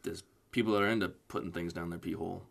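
Low, gravelly laid-back man. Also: steady tone, very fast. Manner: laid-back, short joking interjections. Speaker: podcast guest. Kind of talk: casual chat.

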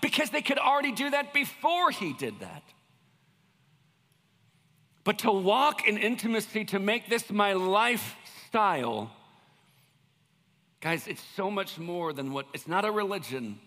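A male pastor giving a conversational sermon with jokes, moving between loud bursts and quiet asides. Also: high voice, big pitch swings, unhurried, pauses often, big-room sound.

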